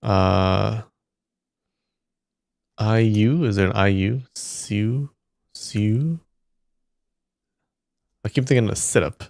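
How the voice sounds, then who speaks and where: Slow, muttering man sounding out syllables. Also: lowish voice, vocal fry, darkish tone, no echo, studio quality. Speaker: live streamer. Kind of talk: casual muttering while solving a word puzzle.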